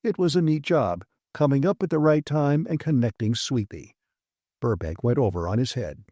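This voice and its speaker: A man reading a classic science fiction audiobook with brisk, vivid storytelling. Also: mid-range voice, lively intonation, dark tone, no echo. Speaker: audiobook narrator. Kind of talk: scripted narration.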